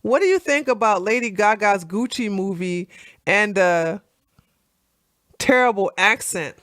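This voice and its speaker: A woman hosting a casual political chat livestream, animated and laughing, with lots of fillers and restarts. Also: medium pitch, unhurried, no room sound, studio quality. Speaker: livestream host.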